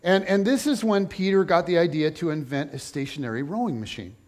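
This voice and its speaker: A man preaching a sermon, telling the story in a lively, joking way and acting out the people in it. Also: fairly high pitch, fairly quick. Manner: animated, jokey storytelling with voiced asides. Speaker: pastor.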